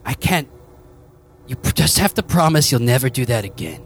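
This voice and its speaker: A man's voice: mid-range voice, big pitch swings, normal speed, slight background noise. Man playing an earnest spider queen.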